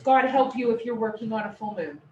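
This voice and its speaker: A woman instructor giving a lively, playful classroom lecture. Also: fairly high pitch, a little fast, dull audio. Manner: animated, playful explanations. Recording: echoey room, distant mic, faint noise.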